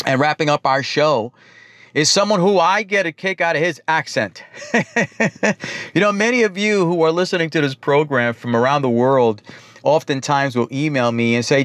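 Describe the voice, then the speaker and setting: New york guy hosting a talk show, upbeat and punchy, bit higher voice, dry close mic, soft music under. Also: normal speed, no echo. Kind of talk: scripted show introduction.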